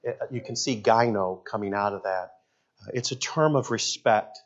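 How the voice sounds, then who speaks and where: A middle-aged man, a pastor preaching a sermon in an animated, jokey way. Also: lowish voice, moderate pace, highs cut off. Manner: animated, jokey, shouts in acted quotes.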